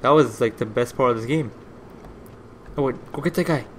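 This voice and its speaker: A man hosting a gaming video, giving rambling let's play commentary that is easily excited and full of swearing. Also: mid-range voice, a little fast, a little hiss or hum.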